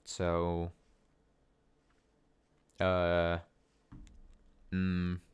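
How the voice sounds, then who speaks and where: A man's voice: deep voice, monotone, drawn-out words, smooth. Rambling sarcastic young gamer man. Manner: rambling, sarcastic, lots of fillers. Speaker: let's play host. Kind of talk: casual gameplay commentary.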